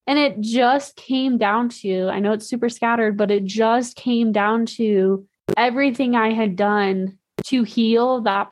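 A woman's voice: medium pitch, dry recording. A young woman hosting a podcast, talking candidly in a rambling way, with lots of "like" fillers and casual swearing. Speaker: podcast host. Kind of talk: casual monologue.

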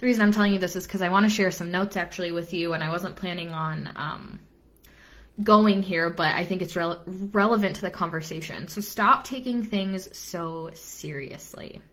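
A woman's voice: lowish voice, moderate pace, fairly bright tone. A young adult woman business coach giving an earnest live-stream talk, repeating phrases for emphasis and dropping casual asides.

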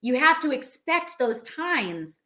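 A woman co-hosting a live stream, speaking in an animated, motivational way. Her voice sits a little high. She keeps turning to her listeners and calling them friends. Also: slow, reverberant. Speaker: co-host of a live show.

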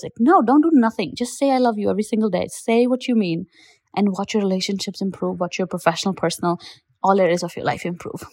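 A woman's voice: mid-range voice, fast talker, a little mellow, slightly rough, no echo. A woman confidence coach giving motivational advice in a podcast voice note, direct and encouraging, repeating her points for emphasis. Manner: encouraging, addresses listener as you. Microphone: recorded as a voice note.

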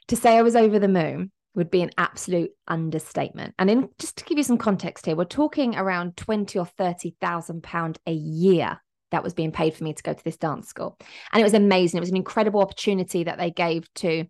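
A woman's voice: fairly low pitch, creaky, darkish tone. A young woman hosting a podcast, telling her personal story in a candid, emotional way and acting out the quotes. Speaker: podcast host.

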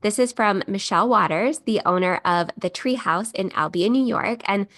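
Lady podcaster in her 30s, heartfelt and emotional, medium pitch. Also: normal speed, fairly bright tone. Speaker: podcast host. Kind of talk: solo podcast talk.

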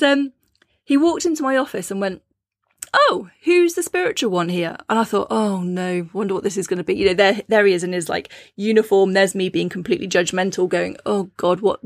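A woman's voice: medium pitch, no room sound, clean studio sound. A woman hosting a talk on witchcraft, speaking in a chatty, anecdotal way and laughing often. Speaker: podcast host. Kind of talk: casual spiritual teaching talk.

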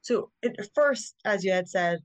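A middle-aged woman appears as a guest on a parenting podcast, explaining things earnestly and practically while often acting out what parents say to their kids. Her medium-pitched voice is animated but unhurried, and the recording is dry.

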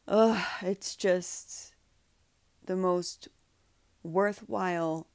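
A woman hosting a solo podcast, speaking earnestly and with feeling, often saying "like" and sometimes dropping to a soft, breathy voice. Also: lowish voice, steady tone, drawn-out words, no room sound. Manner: earnest, heartfelt, says "like" often; drops to soft, breathy guidance during a breathing exercise. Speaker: podcast host, coach. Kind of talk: emotional solo podcast talk.

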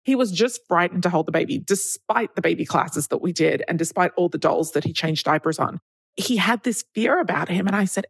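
A woman's voice: fairly low pitch, expressive, brisk, breathy edge, no echo. A woman hosting a solo podcast, talking in a chatty, candid way and acting out the people she quotes. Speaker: podcast host.

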